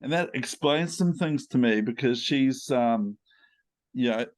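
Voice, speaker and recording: A man's voice: mid-range voice, unhurried. A man with a New Zealand accent interviewing a guest in a playful, chatty way, wandering into asides. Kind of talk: casual interview chat.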